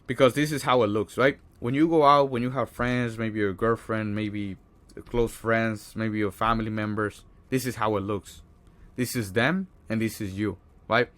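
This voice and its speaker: A man's voice: lowish voice, fairly even intonation, moderate pace, fairly bright tone. A man coaching viewers through social anxiety in a casual motivational vlog, blunt and swearing often, checking in with "right?".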